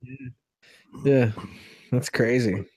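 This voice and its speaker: A man co-hosting a podcast, joking and profane in quick casual banter. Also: medium pitch, dark tone, no room sound, rough recording. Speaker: podcast co-host. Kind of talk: casual chat.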